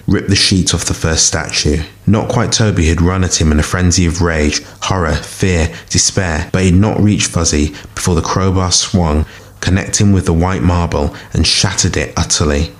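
A man with a very deep voice narrates scripted fiction in a measured, dramatic way. He reads as the storyteller of a podcast tale. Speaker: story reader.

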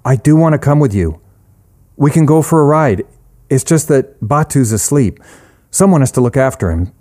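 A man's voice: medium pitch, lively intonation, normal speed, warm tone, voice pushed up, lightly acted. A man voicing a shy, hesitant young male store clerk.

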